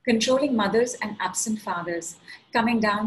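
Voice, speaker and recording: Woman, healing coach, group call host, guided clearing session, rhythmic repeated commands, mid-range pitch. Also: measured pace, a little hiss or hum, poor audio. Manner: rhythmic, repetitive chanted commands. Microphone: online group call.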